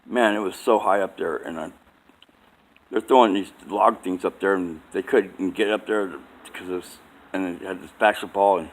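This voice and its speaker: A man's voice: deep voice, fairly even intonation, moderate pace. A man telling a rambling story at home at bedtime, casually, repeating himself and saying "man" a lot.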